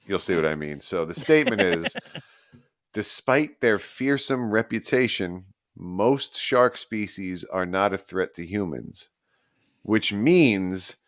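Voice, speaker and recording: Deep, slow-talking man co-host. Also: lively intonation, a bit bright, dry recording, clean studio sound. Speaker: podcast co-host. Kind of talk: casual banter game.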